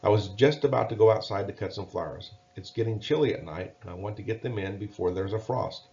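A man voicing a gentle, reassuring mother bear while reading a storybook aloud. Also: fairly low pitch, quick pace, lightly acted. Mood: soothing. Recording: dull lo-fi recording.

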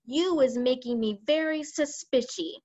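A woman voicing a loud, bloodthirsty, cowardly male giant who bellows in broken grammar, read as a storybook. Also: sits high, measured pace, pitched above the performer's own voice. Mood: menacing. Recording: dull lo-fi recording.

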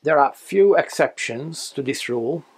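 A man's voice: a little high, animated, normal speed, breathy edge. A man teaching a language lesson, carefully spelling out letters and reading example words one by one.

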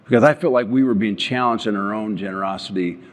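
A man's voice: lowish voice, fast talker. An older man, a company founder, giving an earnest storytelling talk on stage and often restarting his words. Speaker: company founder speaking at an event. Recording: long hall reverb.

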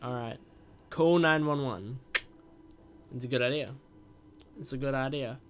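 A man hosting a gaming channel, excitedly reacting as he plays, reading text messages aloud and shouting at the screen. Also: medium pitch, unhurried, soft background music. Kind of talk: reacting while playing a game.

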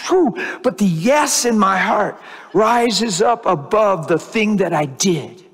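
A man's voice: sits high, big pitch swings, takes it slowly, breathy edge. A man preaching a sermon, earnest and often restarting his words, building to fervent emphasis. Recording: long hall reverb.

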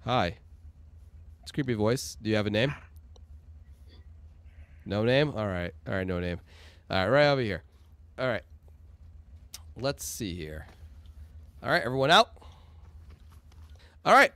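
A man hosting a custom game mode in casual, excited commentary, shouting when rounds get tense. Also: on the low side, unhurried, pauses often, dry recording. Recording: music playing behind.

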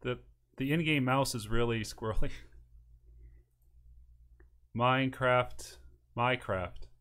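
A man's voice: medium pitch, takes it slowly, a bit bright. A man playing a game in casual chat, chatty and reading the game's text aloud. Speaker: gameplay commentator. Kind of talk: casual let's-play chat.

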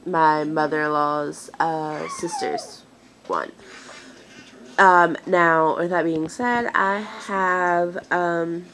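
A woman in her twenties, a vlogger with a lowish, fairly bright voice, rambles in a casual chat to camera. She's venting with many hesitations and sounds close to tears, on a low-quality recording with slight background noise.

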